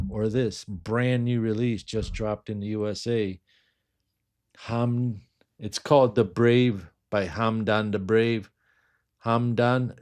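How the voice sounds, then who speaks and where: Lower-voiced man rambling through live chat. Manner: rambling and chatty, with many quiet asides. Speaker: fragrance seller answering live chat. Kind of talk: casual livestream chat.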